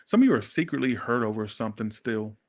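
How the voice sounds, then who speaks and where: A man doing a casual tarot reading, talking straight to his viewers in a blunt, sassy, animated way. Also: medium pitch, fast talker. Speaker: tarot reader.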